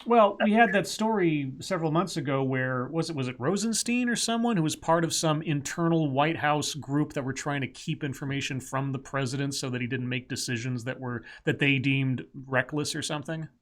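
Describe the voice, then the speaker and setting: A man's voice: fairly high pitch, fairly quick, hardly any pauses. A man co-hosting a casual talk show, reading news stories aloud and adding wry asides. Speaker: podcast co-host reading news.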